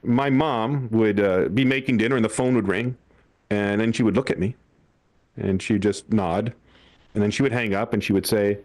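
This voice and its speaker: A man's voice: on the low side, fairly even intonation, normal speed, a little mellow. A young man doing a stand-up comedy set on a club stage, telling family stories with acted-out quotes and frequent laughter.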